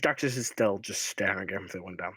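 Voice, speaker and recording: Husky low-voiced man running a game. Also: a bit bright, no echo, rough recording. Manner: halting, plays NPCs in his own voice. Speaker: dungeon master. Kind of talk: voicing a tabletop game.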